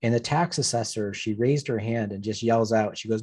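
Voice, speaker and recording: A man presenting to a public audience as a planning consultant, walking through slides in a relaxed, plain-spoken way. His voice is dark and a little husky, and he leans on wry stories to make his points. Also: lowish voice, normal speed, dry recording.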